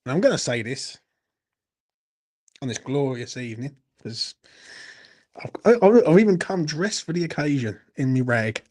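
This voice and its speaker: A man's voice: medium pitch, very animated, normal speed, long pauses, a little mellow. A man hosting a late-night fan Q&A, tipsy, swearing and ranting with laughing banter. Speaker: fan channel host. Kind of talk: late-night live Q&A chat.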